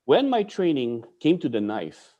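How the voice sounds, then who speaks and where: A man's voice: mid-range voice, big pitch swings, measured pace, warm tone, dull audio. A man from the Philippines, a martial arts instructor, telling stories bluntly and swearing freely, with Tagalog curses mixed in. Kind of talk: animated storytelling.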